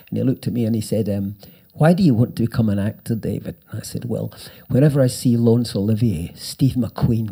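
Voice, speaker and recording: An older man, a writer and former actor, telling animated anecdotes in an interview and acting out the quotes. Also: mid-range voice, gravelly, slightly rough. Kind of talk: storytelling interview.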